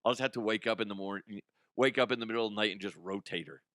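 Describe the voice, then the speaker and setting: A man's voice: fairly low pitch, racing, fairly bright tone, no echo. A middle-aged man hosting a comedic news podcast from a studio, telling a rambling personal story and laughing at his own jokes. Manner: rambling, self-amused storytelling with frequent laughs. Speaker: podcast host.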